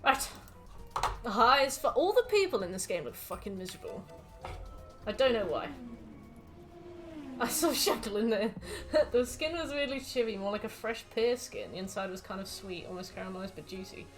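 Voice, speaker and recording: English woman streamer, very animated delivery, faint game music behind, casual and profane. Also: mid-range voice, normal speed. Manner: swearing, reads out ingredients, jokey rants. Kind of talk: casual gameplay commentary.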